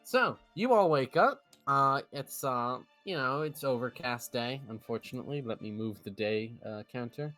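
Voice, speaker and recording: Male game master, mid-pitched voice, loose and rambling narration. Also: moderate pace, few pauses, faint music behind. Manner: relaxed, rambling, full of "uh"s.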